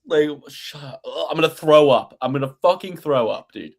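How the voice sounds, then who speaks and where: A man's voice: on the high side, expressive, normal speed, hardly any pauses. A man co-hosting a casual sports betting podcast, ranting with profanity and sarcastic exasperation. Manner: sarcastic, mocking. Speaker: podcast co-host.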